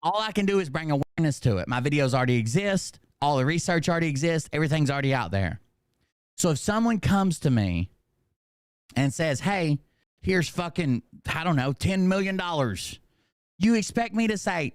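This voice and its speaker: A man's voice: a little high, very animated, moderate pace, clean tone, dry recording, studio quality. Profane, fired-up man streamer. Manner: profane, emphatic, talks to chat directly. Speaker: commentary streamer. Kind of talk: unscripted commentary rant.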